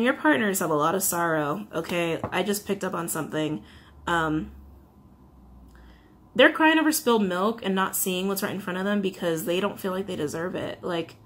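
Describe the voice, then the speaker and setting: A woman's voice: fairly low pitch, a bit bright, slight background noise. A woman giving a casual tarot reading to camera, chatty and confiding, full of fillers. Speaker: tarot reader.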